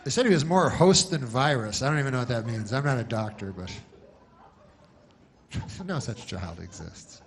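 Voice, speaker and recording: A man doing stand-up comedy, deadpan and rambling, with many asides and restarts. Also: mid-range voice, moderate pace.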